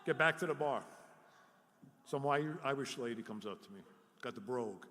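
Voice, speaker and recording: A man's voice: medium pitch, normal speed. Middle-aged man telling stories in a hall. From Jersey City, New Jersey. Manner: animated, self-deprecating storyteller. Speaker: recovery workshop speaker. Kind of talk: live storytelling talk. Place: workshop hall before an audience. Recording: echoey hall with long reverb.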